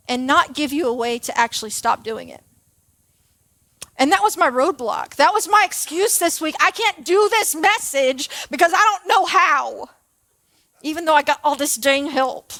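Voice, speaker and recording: A woman giving a storytelling sermon in a chatty, animated way, often checking in with her audience. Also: very high-pitched, no echo. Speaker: preacher and former teacher. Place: church auditorium.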